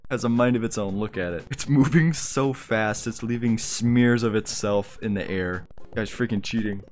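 Excitable young guy doing game commentary. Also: fairly low pitch, moderate pace. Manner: excitable, laughs often, jokey exclamations. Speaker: gaming YouTuber. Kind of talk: casual gameplay commentary.

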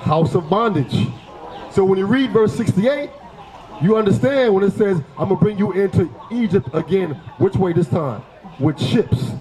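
A man preaching on a city street, forceful and confrontational, firing rhetorical questions at passersby. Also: sits high, animated, normal speed, roomy sound, rough recording. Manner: forceful, fires rhetorical questions, repeats "right?".

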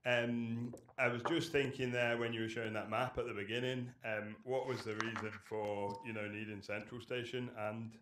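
A man in the audience asks a question, hesitating over his words. His delivery stays flat and even. He is picked up from across an echoing room, with faint noise behind. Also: mid-range voice, normal speed, few pauses. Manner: hesitant, with fillers. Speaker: audience member asking a question. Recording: roomy, distant, faint noise.

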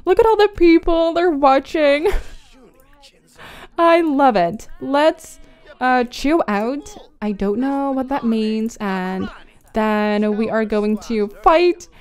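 A young woman giving chatty, dramatic gameplay commentary, often giggling. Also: sits high. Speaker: gaming YouTuber.

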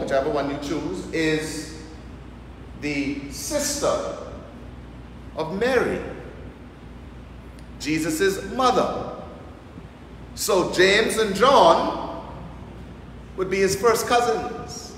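Bahamian priest preaching in an echoing church. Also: male voice, a little high, sing-song, slow pace, long pauses, fairly bright tone. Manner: humorous preaching in local vernacular. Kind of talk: sermon. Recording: echoey church hall, faint noise.

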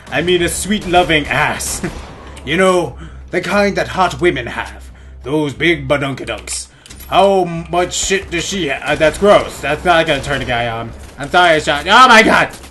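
A young man giving crude, goofy gameplay commentary on a headset in his bedroom, often laughing and yelling out suddenly. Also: fairly high pitch, expressive, measured pace, soft background music. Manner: goofy, giggly, crude jokes, sudden loud outbursts. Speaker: gaming let's play host.

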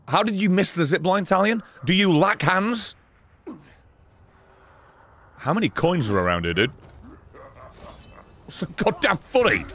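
Man, gaming commentary, high voice, wildly swinging pitch, sarcastic, swearing, shouting at enemies. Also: very animated, measured pace, pauses often, a little hiss or hum. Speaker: gaming streamer. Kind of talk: gameplay commentary.

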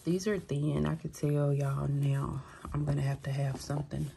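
A middle-aged woman talks to a handheld camera in her bedroom. Her voice sits low, and she rambles in a chatty, confiding way with drawn-out fillers. It feels like an easygoing day-in-the-life vlog. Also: flat delivery, vocal fry, dark tone, a little hiss or hum. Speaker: vlogger. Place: bedroom at home. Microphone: handheld camera mic.

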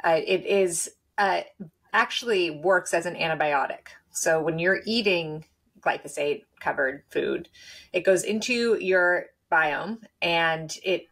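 A woman guest in a conversational interview, telling her story in a lively way with restarts and laughs. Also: on the low side, vocal fry. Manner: animated, quick, with laughs and restarts.

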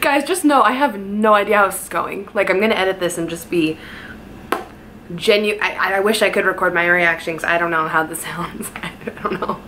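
A young woman vlogger chatting casually, giggly and a little nervous, who also sings loudly without hearing herself. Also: fairly low pitch, moderate pace, noisy background. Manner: giggly, nervous, self-mocking. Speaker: YouTuber. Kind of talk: casual vlog chat and amateur singing.

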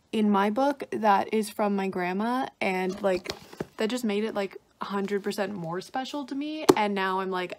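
A young woman vlogging casually about books she reads at home, chatty and self-mocking, with lots of "like". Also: medium pitch. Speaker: book vlogger. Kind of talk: casual vlog chat. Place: indoors at home.

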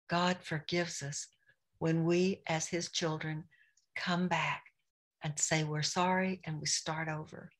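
Middle-aged woman, devotional speaker, unhurried and earnest, lower voice. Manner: earnest, confessional, speaks prayers aloud. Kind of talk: personal devotional talk.

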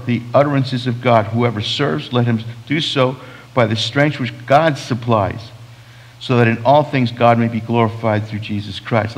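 Gravelly-voiced male pastor preaching. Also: mid-range voice, big-room sound, rough recording. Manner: conversational, with many restarts and quoted asides. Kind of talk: sermon. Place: church sanctuary.

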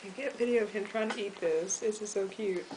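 A woman's voice: medium pitch, fast talker, a little mellow, rough recording. A woman chatting at home in a casual video, speaking fondly to her iguana and narrating its thoughts. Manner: affectionate, narrates the pet's thoughts. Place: home living room. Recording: home recording with hiss.

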